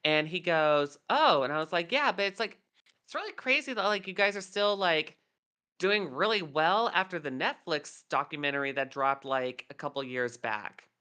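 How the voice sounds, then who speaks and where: Woman in her thirties, podcast co-host, rambling anecdotes, bright smooth tone. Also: deep voice, normal speed. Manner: rambling storyteller, many fillers. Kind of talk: casual chat.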